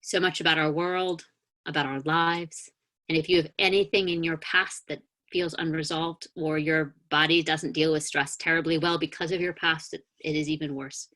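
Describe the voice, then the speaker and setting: Through a video call microphone, a woman minister gives a sermon that gently guides listeners in a grounding meditation. Her calm, inviting words come with a few soft hesitations, in a voice that sits low at normal speed.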